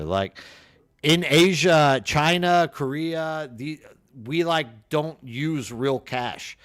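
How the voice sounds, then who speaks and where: A man's voice: on the high side, expressive, drawn-out words, a bit bright, clean tone, dry recording, clean studio sound. A man with an East Texas accent, streaming and chatting casually, rambling and reading chat aloud. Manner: rambling, reads chat aloud, trails off and restarts.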